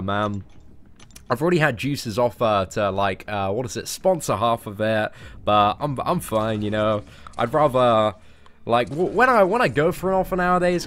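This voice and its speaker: A man chatting excitedly and casually on a live game stream. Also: medium pitch.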